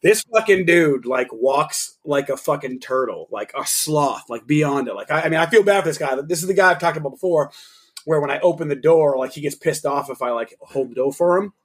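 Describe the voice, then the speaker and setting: A young man with a slightly high voice tells a loose, profane story on a podcast. Between his stories he drops quick, short reactions to his co-host. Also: lively intonation, breathy edge. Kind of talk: casual storytelling chat.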